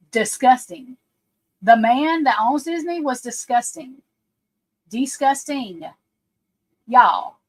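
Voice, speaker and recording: A woman's voice: fairly high pitch, fairly bright tone, poor audio. A woman psychic card reader talking casually on a livestream, rambling and emphatic, speaking straight to her listeners.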